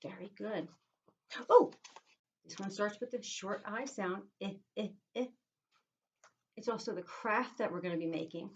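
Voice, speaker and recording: A woman, a teacher leading young children through a phonics lesson in a sing-song, animated way, sounding out letter sounds. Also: medium pitch, normal speed, dull audio. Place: inside a small tent.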